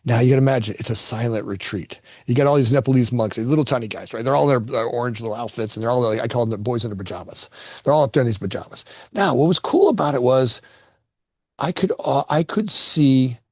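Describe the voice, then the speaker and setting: A man's voice: mid-range voice, fast talker, darkish tone, dry recording, studio quality. A middle-aged man from Florida, a company founder, telling personal stories in a casual conversation, often repeating words as he starts a thought. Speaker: guest, construction company founder.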